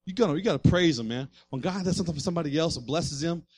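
A man preaches a sermon in a fairly high voice, building fervor through repeated refrains. The sound is dry and close, with little room around it. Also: very fast, darkish tone, husky, no room sound. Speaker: pastor.

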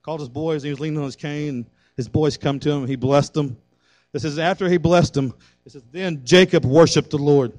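A man preaching a fervent sermon as pastor, building to loud calls for prayer. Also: a little high, a little fast, dry recording.

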